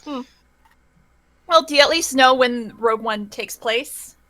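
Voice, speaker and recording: Bright high-voiced playful woman. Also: a little slow. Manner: playful, laughs often, rambling. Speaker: tabletop game player. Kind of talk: casual chat.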